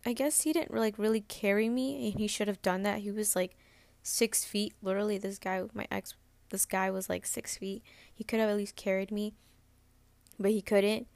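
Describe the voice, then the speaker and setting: A woman in her twenties hosts a podcast, candidly telling a personal story in a rambling way, packed with "like" and restarts. Her mid-range voice is gravelly and a little mellow, with fairly even intonation at a moderate pace. There is no echo.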